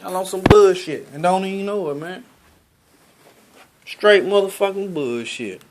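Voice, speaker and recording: Blunt, profane man with a slightly high voice. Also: unhurried, slight background noise. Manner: blunt, profane, preachy, rhetorical questions. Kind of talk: profane street monologue.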